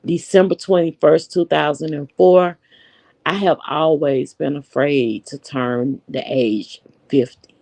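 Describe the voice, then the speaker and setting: Woman, 40s, AAVE, slow chatty live-stream host; low pitch, dry close recording. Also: steady tone, a little mellow, no echo. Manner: chatty, unhurried, talks straight to viewers. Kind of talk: casual live-stream chat.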